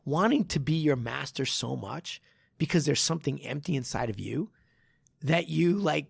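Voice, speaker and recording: A man hosting a podcast and telling animated stories as a martial arts instructor in casual chat. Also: fairly high pitch, normal speed, gravelly, husky, no echo. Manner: animated storytelling with frequent laughs.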